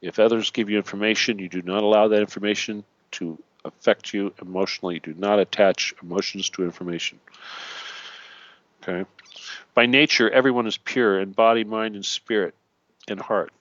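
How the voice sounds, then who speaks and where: A man's voice: lowish voice, fairly even intonation, brisk, a bit bright, no echo, lo-fi sound. A man hosting an internet radio talk show, teaching in a preachy way, often checking in with "okay" and "all right" and adding jokey asides.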